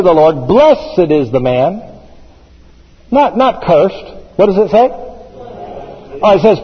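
Emphatic preacher in an echoing church. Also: male voice, sits high, sing-song, measured pace, long pauses, breathy edge, muffled recording. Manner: emphatic, repeats phrases with rising intensity. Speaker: pastor. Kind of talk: sermon.

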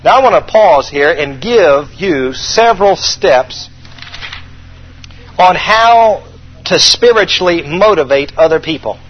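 A man's voice: on the high side, animated, slow, slightly rough, muffled recording. A man preaching a sermon as pastor, emphatic and repeating his key points for the congregation to write down.

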